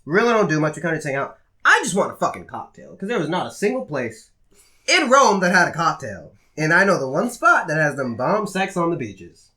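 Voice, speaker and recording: A man's voice: fairly high pitch, fairly quick. A man on a casual podcast, telling a travel story and acting out the voices of the people in it. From Massachusetts. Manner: animated, acts out voices in his stories. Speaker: podcast host.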